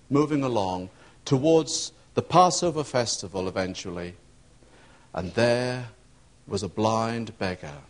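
A man preaching a sermon, telling a story and acting out the voices in it. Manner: storytelling preacher, acting out shouts and quotes with rising pitch.

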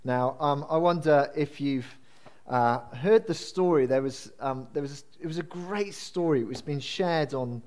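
A man's voice: fairly high pitch, normal speed, darkish tone. A man preaching a sermon in a conversational, self-deprecating storytelling way with frequent fillers. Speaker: pastor.

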